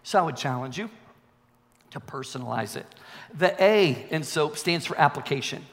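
A man's voice: a little high, lively intonation, moderate pace, a bit bright. A male pastor preaching a sermon with emphatic repetition, calling out to the congregation. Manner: emphatic, repeats key phrases, calls for congregation response. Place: church sanctuary. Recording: long reverb of a large hall.

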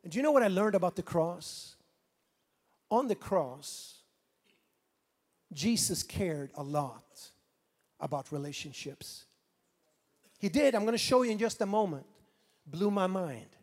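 High-voiced Swedish-accented male pastor. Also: unhurried, long pauses, long reverb tail. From Sweden. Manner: animated, swings from quiet asides to loud preaching. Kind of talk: sermon.

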